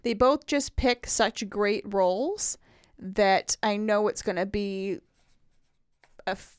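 A woman's voice: mid-range voice, takes it slowly, smooth, no room sound, studio quality. A woman co-hosting a casual chat, enthusiastic and gushing, swearing casually.

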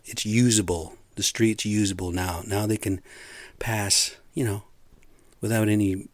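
A middle-aged construction site worker with a low voice vents to his listeners, recorded with no room sound. His casual rant is frustrated and profane, rambling and packed with fillers.

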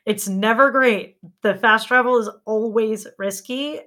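Animated female podcast host with a bright voice, quick to laugh, swears casually. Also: fairly high pitch.

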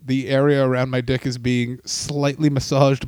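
A man co-hosting a comedy podcast, bantering loudly and profanely with quick jokes. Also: medium pitch, little pitch movement, clear, resonant tone, no echo. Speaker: podcast co-host.

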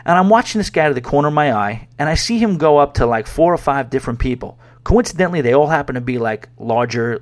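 Male podcast host from New York, middle-pitched, casual rambling storyteller with plenty of fillers. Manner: rambling, conversational, many fillers. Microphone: podcast microphone.

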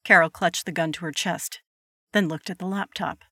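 A woman narrates a scripted horror story at a steady, measured pace. Her voice sits a little low and the recording is dry and close. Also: breathy edge, no room sound.

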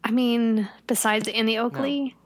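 A woman's voice: fairly high pitch, steady tone, measured pace. A woman playing in a casual tabletop game, chatty and meandering with her questions. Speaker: player.

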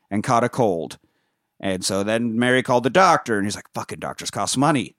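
A man casually recapping a film for a podcast, swearing freely and breaking into loud yelled impressions of the characters. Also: mid-range voice, dry recording, studio quality. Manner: acts out characters in loud yelling bursts. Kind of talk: casual profane chat.

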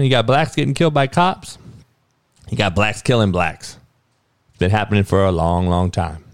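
A man hosting a podcast, ranting with a steady stream of profanity. His voice sits at an ordinary middle pitch, and he drops into low mutters before flaring up loud. The sound is dry and close. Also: clear, resonant tone, no echo. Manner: heavy swearing, swings from muttering to loud outbursts. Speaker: podcast host. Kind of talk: profane sports and news rant.

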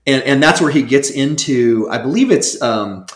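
A man speaking as a guest scholar in a casual interview, animated and rambling, with many restarts. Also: medium pitch, moderate pace, echoey room.

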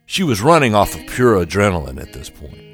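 A man narrating a documentary story in a measured, dramatic way. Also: lowish voice, sing-song, breathy edge, soft background music.

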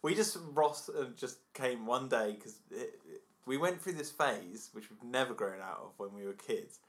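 A man's voice: mid-range voice, expressive, normal speed, fairly bright tone. A man, chatting casually as a podcast co-host, telling rambling childhood anecdotes and laughing. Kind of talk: casual chat.

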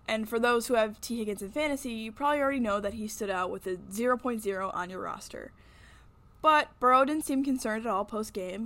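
A young woman hosts a sports podcast in a slightly higher voice. She reads a scripted weekly recap but keeps breaking into chatty, candid asides about her own take. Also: fairly bright tone. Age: young adult. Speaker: podcast host.

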